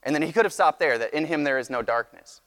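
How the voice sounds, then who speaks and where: A man preaching a sermon, teaching in a measured, earnest way that often restarts phrases. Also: on the high side, fairly bright tone. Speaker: pastor. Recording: long hall reverb.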